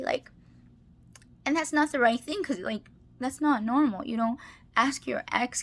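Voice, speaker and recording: Woman, higher voice, confessional vlog, rambling with restarts, emotional and near tears. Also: animated, unhurried, vocal fry, pauses often, fairly bright tone. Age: adult, married. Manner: rambling, restarts, many "like"s, tearful laughs. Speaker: personal vlogger. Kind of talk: confessional monologue.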